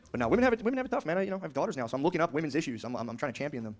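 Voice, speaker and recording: A man's voice: a little high, expressive, very fast, hardly any pauses. A man doing a stand-up comedy set, brash and crude, talking casually and slipping into mocking voices.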